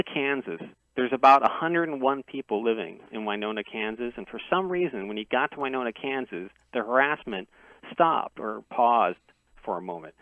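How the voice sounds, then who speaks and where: Calling into a radio show as an interview guest, this man has a mid-range voice heard over a dry, tinny phone connection. His long first-person account is earnest, with frequent stops and fresh starts mid-phrase.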